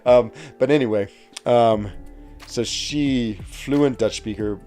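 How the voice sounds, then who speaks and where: Slow and warm in a mid-range voice, this game streamer from West Virginia talks over soft background music. His storytelling wanders, packed with fillers and laughs, and he reads out chat along the way.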